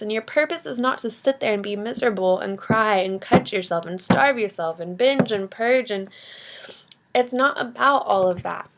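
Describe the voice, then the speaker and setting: Earnest young woman with vocal fry. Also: fairly high pitch. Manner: earnest, rambling, softly encouraging. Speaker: vlogger. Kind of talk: heartfelt motivational vlog talk.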